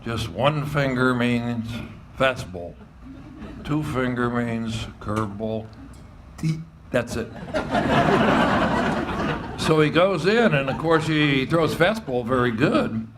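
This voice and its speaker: An older man, a former baseball coach telling animated stories and often laughing as he acts out quoted voices. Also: medium pitch, slow, pauses often, background noise. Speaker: retired baseball coach and athletic director. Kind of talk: storytelling interview.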